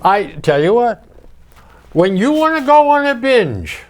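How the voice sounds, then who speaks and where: An older man hosting a casual chat, telling jokey stories in an animated way. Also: very high-pitched, a little slow. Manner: animated, joking storyteller. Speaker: host.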